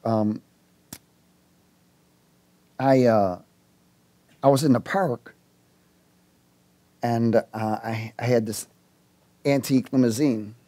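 A man preaching a sermon, telling a personal story and acting out the dialogue in it, with halting restarts and chuckles. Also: mid-range voice. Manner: animated storyteller, acts out dialogue.

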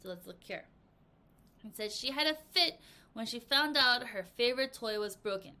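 Bright, animated woman teaching vocabulary. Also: on the high side, normal speed. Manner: animated, acts out example sentences. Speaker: English teacher. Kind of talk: vocabulary lesson for children. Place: language academy in Korea.

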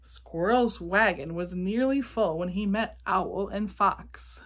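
A woman reading a picture book aloud to children, gently asking them questions about the pictures. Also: medium pitch, slow. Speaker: children's storybook reader.

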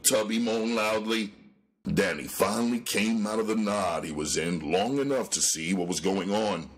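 A man narrating a crime novel as an audiobook in a dramatic, lively storytelling manner. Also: sits low, normal speed, husky. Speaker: audiobook reader.

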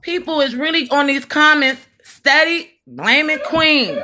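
A woman's voice: sits high, expressive, unhurried, sharp tone. A woman scolding someone in a heated, profane argument, repeating herself. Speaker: vlogger scolding a relative.

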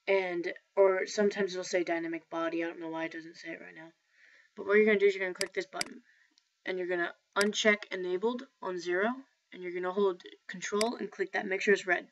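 A woman talking through a software tutorial in a rambling, casual way, often correcting herself. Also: fairly low pitch. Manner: rambling, self-correcting, filler-heavy. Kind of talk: casual screen-recorded tutorial. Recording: dull lo-fi mic with faint noise.

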